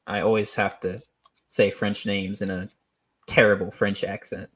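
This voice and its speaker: A man hosting a solo show, talking off the cuff in a rambling, hesitant way with many pauses, restarts and small laughs. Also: lowish voice, flat delivery, a bit bright. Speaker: podcast host. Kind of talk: unscripted solo commentary.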